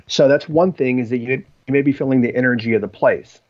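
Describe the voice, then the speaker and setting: A podcast guest with a mid-range, slightly mellow voice talks fast as he rambles through personal stories, full of ums and restarts. It's conversational storytelling, captured in slightly dull lo-fi audio.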